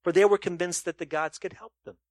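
A man's voice: sits high, steady tone, fast talker, no echo, studio quality. Man preaching with rising, pressing questions. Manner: rhetorical questions to the congregation, swings loud and soft. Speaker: pastor. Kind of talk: sermon.

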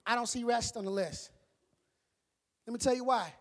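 A male pastor delivers a lively sermon in casual, playful speech. He swings between soft, hushed asides and loud, excited bursts. His voice rings with the long reverb of a large hall. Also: high-pitched, fast talker, long pauses. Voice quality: animated, sweeping from loud shouts to hushed asides, playful colloquial preaching.

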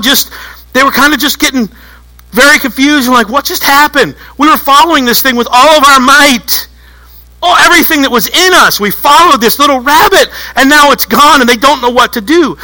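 A man preaching a sermon to a church congregation, telling stories in an animated way and acting out little voices. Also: very high-pitched, poor audio. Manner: animated storytelling, acts out voices. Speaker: pastor.

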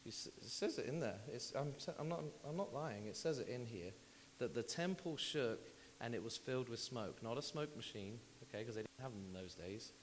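A man preaching in a church sanctuary, talking to the congregation in a conversational, animated way and repeating phrases for emphasis. His voice sits at a middle pitch. A long hall reverb trails his words, and a faint hiss runs under the recording. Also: fairly quick. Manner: conversational, animated, with asides and repetitions. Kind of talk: sermon.

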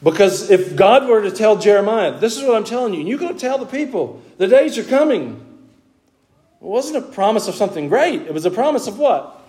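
Man, Southern US accent, pastor, preaching a sermon in church, reading scripture slowly and measuredly, folksy humor. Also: sits high, very animated, mellow. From American South. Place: church before a congregation.

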